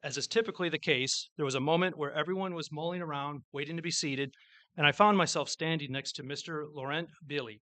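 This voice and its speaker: Mayor with a bright voice. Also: male voice, fairly high pitch, fairly even intonation, fast talker, dry recording. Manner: formal prepared speech with small slips, storytelling. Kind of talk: public address speech. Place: public event with an audience.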